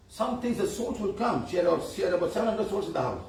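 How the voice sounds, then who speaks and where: A man giving a casual, animated talk as a spiritual healer, laughing often and firing questions at his listeners. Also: high voice, fast talker. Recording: echoey room from far off, faint noise.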